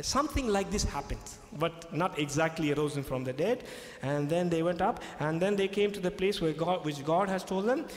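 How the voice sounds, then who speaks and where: Emphatic pastor speaking in an echoey hall. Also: male voice, on the high side. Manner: emphatic, repeats key phrases, checks in with "okay?". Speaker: pastor in a public debate. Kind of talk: debate speech retelling scripture. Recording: echoey hall with long reverb.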